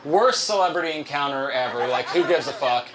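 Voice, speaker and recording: A man's voice: on the high side, lively intonation, brisk, crowd noise. A young man doing a stand-up comedy set at a live show, telling rambling, profane stories and laughing at his own jokes.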